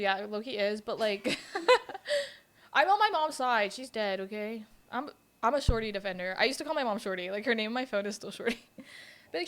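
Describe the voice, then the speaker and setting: A woman's voice: on the high side, fairly bright tone. A woman in her twenties hosting a podcast, telling personal stories in a blunt, profane and laughing way. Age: 20s. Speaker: podcast host. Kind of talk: casual storytelling chat.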